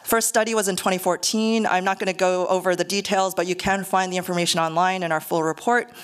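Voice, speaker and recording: A middle-aged woman gives a lecture to a live audience in an earnest, conversational way, with a dry joke here and there. Her voice sits on the low side and comes across smooth and clear. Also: fairly even intonation, fast. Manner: earnest, conversational, self-deprecating humor. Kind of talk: public lecture.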